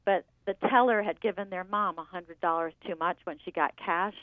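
Woman guest on the phone, telling stories calmly, thin tinny line. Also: lowish voice, dry recording. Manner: measured storytelling. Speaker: book editor guest on the phone. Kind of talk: phone-in interview. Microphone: telephone.

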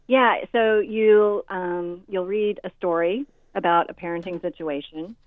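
A woman's voice: lowish voice, measured pace, no room sound, narrow, tinny audio. A woman in her forties, a guest author, telling a parenting story in an interview and acting out the people she quotes. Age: 40s. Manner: animated storyteller, acts out quotes.

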